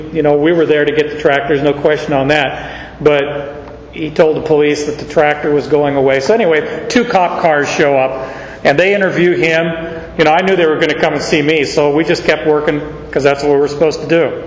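A man's voice: on the high side, roomy sound, big-room sound, dull audio, a little hiss or hum. A man preaching a sermon, telling a personal story in a folksy, conversational way.

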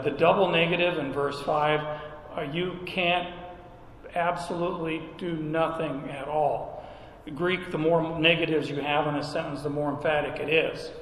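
A pastor delivers a sermon in a folksy, conversational way, leaning on emphatic repeated questions. His voice sits a little high for a man. The sound carries a long reverb from a large church hall, with faint room noise behind. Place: church sanctuary.

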